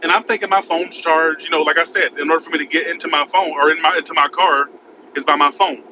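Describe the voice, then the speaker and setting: A man telling a rambling, frantic story in a casual vlog, recorded in his car by a highway. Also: steady tone, fast talker. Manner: rambling, frantic, repeats "oh my God". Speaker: vlogger. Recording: muffled with road noise.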